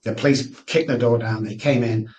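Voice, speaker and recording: A man's voice: medium pitch, steady tone, normal speed, a little mellow, recorded from a distance, low-quality recording. Candid middle-aged man. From Manchester, England. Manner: earnest, candid, frequent restarts. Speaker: guest. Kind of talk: personal storytelling interview.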